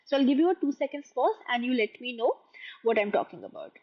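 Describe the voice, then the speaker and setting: A woman from India, teaching a beginner French lesson and repeating each phrase slowly with its translation. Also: a little high, sing-song. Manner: slow, careful repetition of phrases with translations. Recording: muffled lo-fi audio.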